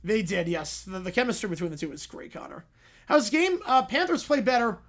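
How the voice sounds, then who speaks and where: Lively young man chatting on stream. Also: high-pitched. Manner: chatty, quick reactions, frequent restarts and "yeah"s. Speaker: livestream host reading chat. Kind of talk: casual livestream chat answering viewer questions.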